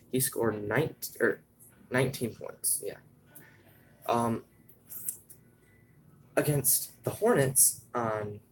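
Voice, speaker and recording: A young man hosting live commentary on a sports draft, talking in a halting way with many fillers and restarts. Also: mid-range voice, slight background noise, rough recording. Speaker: host.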